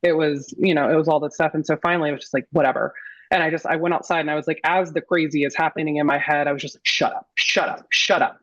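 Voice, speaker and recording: A woman on a panel tells a story at a rapid clip, animated and slipping into the voices of others. The sound is dull and lo-fi, with a dry, close feel. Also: low-pitched, no room sound. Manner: animated, acts out quotes of others. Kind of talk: casual storytelling. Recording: dull lo-fi audio.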